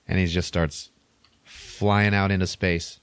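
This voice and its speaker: A man with a deep, low voice recounts a story in relaxed podcast chat. He rambles, chuckles between lines and fills gaps with "like". The sound is dry and close, with no room echo. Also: slow pace, clear, resonant tone. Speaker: podcast co-host. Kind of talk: casual chat, retelling a film plot.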